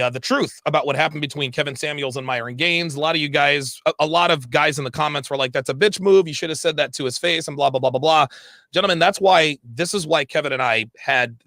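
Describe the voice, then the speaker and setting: A man's voice: fairly high pitch, fast, dry recording, clean studio sound. A man heatedly retelling an argument in a clip, swearing freely and restarting his sentences often. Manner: animated, repetitive restarts, profane. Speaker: online commentator.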